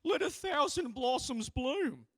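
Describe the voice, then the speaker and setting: A man's voice: very high-pitched, expressive, slow pace, fairly bright tone, no room sound, clean studio sound, voice pushed up, exaggerated voice. A man voicing a blunt, dismissive male conservative politician.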